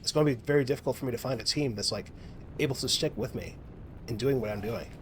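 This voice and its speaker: Fast-talking and mid-range in pitch, this man is an American gaming vlogger recorded with slight background noise. While playing he delivers a rambling, casual monologue loaded with profanity, fillers, and frequent restarts.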